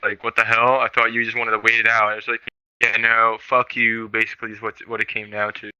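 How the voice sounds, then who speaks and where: A young man recounts a personal regret in loose, profane chat, stumbling and restarting as he goes. His voice is strikingly bright and crisp. The recording is dry, with no room sound. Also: lowish voice, completely flat delivery, a little fast, dry recording, lo-fi sound. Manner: rambling, profane, self-interrupting. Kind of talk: casual storytelling. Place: virtual reality social game.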